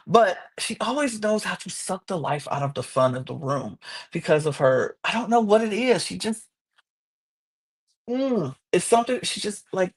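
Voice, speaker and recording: A woman hosting a podcast, recapping a reality show in casual, animated chat. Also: fairly low pitch, moderate pace, slightly rough. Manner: chatty, animated, quotes people in exaggerated voices.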